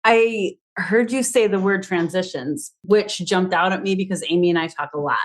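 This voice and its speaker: A woman's voice: lowish voice, moderate pace. A woman co-hosting a podcast, thoughtfully building a point in short phrases while talking with a guest. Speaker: podcast co-host. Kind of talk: conversational podcast interview.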